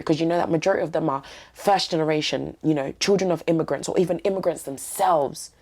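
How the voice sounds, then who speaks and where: Low gravelly young woman. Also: fast talker, few pauses, a little mellow. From East London. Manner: heartfelt, emphatic, slangy. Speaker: podcast guest. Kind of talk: candid interview talk.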